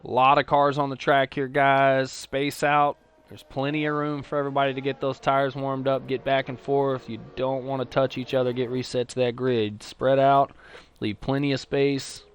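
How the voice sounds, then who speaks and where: A man with a Texan accent calling a sim racing league live, chatty between races and excitable play-by-play once the lights go out. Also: medium pitch, normal speed, smooth. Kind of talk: live esports race commentary.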